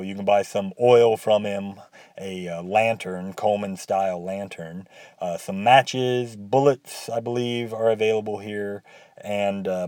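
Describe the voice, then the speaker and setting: A man's voice: lowish voice, mellow, no echo. A man giving casual, rambling commentary on a video game, with wry, sarcastic asides. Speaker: game reviewer.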